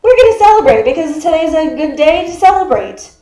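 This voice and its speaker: A woman's voice: high-pitched, sing-song, a little fast, dark tone. A woman pastor in her fifties giving a conversational sermon. She chats with her congregation, quizzes them and laughs often. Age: 50s. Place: church sanctuary. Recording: echoey church sanctuary.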